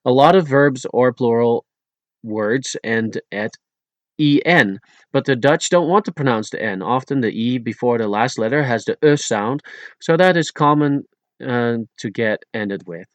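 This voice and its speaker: A man reading a pronunciation lesson at a measured pace, pausing between example words and sometimes correcting himself. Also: mid-range voice, lively intonation, dry recording. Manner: occasional stumbles and self-corrections. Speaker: language teacher. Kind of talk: read-aloud pronunciation lesson.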